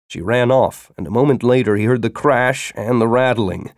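A man narrating a story in a dramatic reading style, breaking into urgent, shouted dialogue. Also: mid-range voice, moderate pace, no room sound, studio quality. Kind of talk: audiobook narration.

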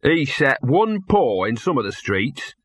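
A scruffy streetwise talking dog from a storybook, put on by a male narrator, with a husky, drawling, sardonic working-class way of talking. He sounds dry and close, his grumbling voice raised a little above the narrator's own. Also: medium pitch, big pitch swings, unhurried, no echo. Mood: boastful.

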